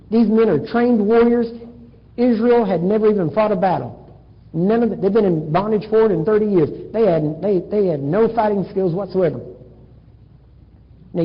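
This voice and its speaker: A man preaching a sermon, telling Bible stories in a lively way and acting out the dialogue, with a husky voice. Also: sits high. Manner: animated storytelling, acting out dialogue. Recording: dull echoey hall recording.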